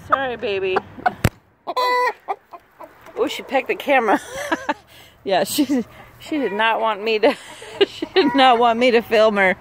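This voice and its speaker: A woman's voice: fairly high pitch, unhurried, pauses often, heavy background noise. A middle-aged woman chatting casually as she films her backyard chickens. She laughs often and coos at the hens in a sing-song voice, talking into a handheld phone camera outdoors. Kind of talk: casual chat while filming. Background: faint clucking chickens.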